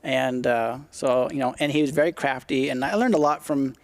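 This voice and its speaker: A man's voice: medium pitch, fairly even intonation, moderate pace, gravelly, no echo. A middle-aged man, a podcast guest, telling stories in a blunt, profane, casual way. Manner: blunt, profane, acts out quotes in his stories. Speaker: podcast guest, retired motocross racer. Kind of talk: casual storytelling interview.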